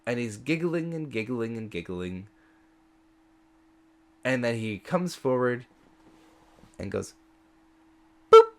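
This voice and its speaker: A man's voice: mid-range voice, animated, slow pace, pauses often. A man running a tabletop game as game master, explaining rules and describing scenes playfully.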